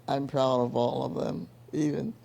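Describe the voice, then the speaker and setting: Gravelly, husky 110-year-old woman. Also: a bass voice, steady tone. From California. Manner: slow, gentle and grateful. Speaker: birthday guest interviewee. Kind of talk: casual interview.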